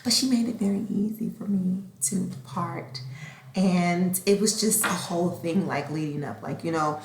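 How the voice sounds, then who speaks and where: A woman hosting a podcast in a casual, expressive monologue. She acts out conversations and sometimes slips into a whisper. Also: on the low side, normal speed, a little hiss or hum. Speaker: podcast host. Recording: roomy echo.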